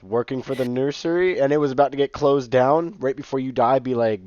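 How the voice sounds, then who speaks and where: A man's voice: medium pitch, steady tone, moderate pace, few pauses, darkish tone, no echo. Joking man with a muffled sound. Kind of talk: casual drinking chat.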